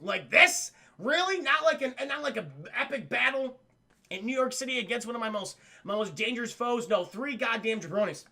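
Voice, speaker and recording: A man's voice: very high voice, animated, normal speed, vocal fry, bright, forceful tone, heavily acted. A man voicing a frantic young male superhero in pain, whining and swearing in a casual retelling. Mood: exasperated. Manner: whiny, exasperated, swearing.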